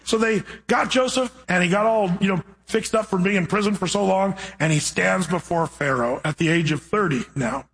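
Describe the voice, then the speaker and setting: High-voiced man preaching. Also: normal speed, few pauses, rough recording. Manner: animated storytelling with playful asides. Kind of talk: sermon with scripture reading and retelling.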